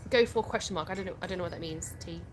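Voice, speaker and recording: A woman's voice: on the low side, rapid-fire, slight background noise. A young English woman from England hosting a casual livestream on her phone outdoors, chatting and reading viewer comments aloud with easy laughter. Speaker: livestream host.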